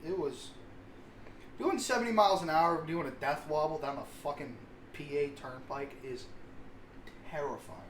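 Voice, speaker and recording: Brief: guy, slightly high voice, cusses constantly through rambling stories, roomy mic with light hiss. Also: moderate pace, a bit bright. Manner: rambling, heavy swearing, self-mocking. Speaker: podcast co-host. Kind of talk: casual storytelling. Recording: roomy sound with faint hiss.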